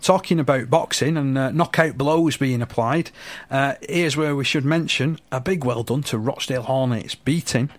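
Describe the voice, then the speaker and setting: A man's voice: medium pitch, normal speed, hardly any pauses, no room sound. A man co-hosting a rugby league show, bantering and reading out results. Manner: bantering, reels off scores. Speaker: radio sports show co-host. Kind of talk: sports chat and results round-up.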